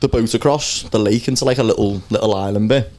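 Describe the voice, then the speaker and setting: A man's voice: lowish voice, fast, a little mellow. A young man co-hosting a podcast, telling a story in a rambling, laid-back way with plenty of fillers. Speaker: podcast co-host. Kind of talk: casual chat.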